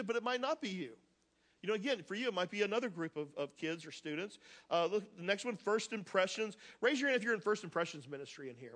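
A male pastor giving a sermon to his congregation, energetic and joking, talking straight to the people in the pews. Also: sits high. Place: church sanctuary with congregation.

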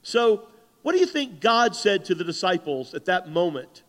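A man preaching a sermon as pastor, animated and conversational, acting out the voices in the stories he tells. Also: sits high, moderate pace. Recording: long hall reverb.

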